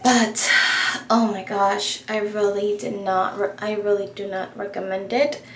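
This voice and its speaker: A young woman vlogging while she does her makeup, telling a story in a chatty, animated way full of fillers. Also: medium pitch, a little slow. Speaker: beauty vlogger. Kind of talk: casual get-ready-with-me storytelling. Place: home room while doing makeup. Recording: echoey room with faint ambient noise.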